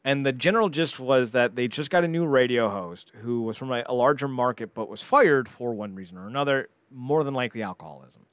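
Animated man retelling a film on a dry mic. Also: medium pitch, brisk, hardly any pauses, no room sound. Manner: animated storyteller, mocking voices for quoted characters, frequent repeated words. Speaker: podcast co-host. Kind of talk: casual podcast chat.

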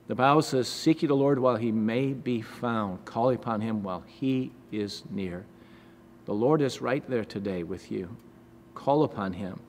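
A male pastor giving a devotional sermon with scripture reading, earnest, measured and encouraging. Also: lowish voice. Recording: echoey hall with faint background noise.

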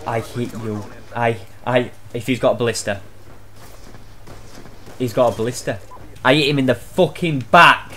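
A man's voice: mid-range voice, fairly even intonation, a little slow, pauses often, pushed and bright, a little hiss or hum. A young man giving gameplay commentary, swearing often and breaking into exasperated outbursts. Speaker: gaming channel host.

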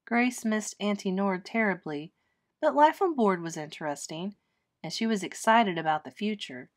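Teacher reading a children's story aloud. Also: female voice, medium pitch, moderate pace. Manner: expressive, clear storytelling.

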